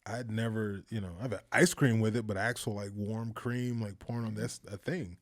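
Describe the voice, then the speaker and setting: A man talking casually in an interview, telling lively anecdotes, acting out the voices of the people in them and laughing often. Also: on the low side, moderate pace. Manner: animated storyteller, acts out quoted voices, laughs often. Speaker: filmmaker guest.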